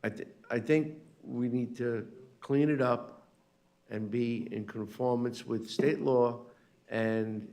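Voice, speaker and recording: American guy on the county board, slow halting talk, gravelly low voice. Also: darkish tone. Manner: halting, restarts words. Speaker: county commissioner. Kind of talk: remarks at a public meeting.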